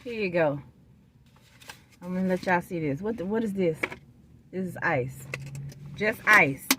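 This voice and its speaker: A woman with a lowish voice and lively intonation talks at a normal speed as she eats, casually chatting to her viewers in a folksy way. This food vlogger is recording on a phone from her parked car in a restaurant parking lot, with slight background noise.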